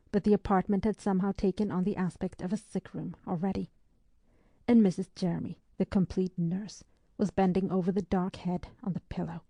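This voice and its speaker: Female audiobook narrator, mellow and low, dry close-mic read. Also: no room sound.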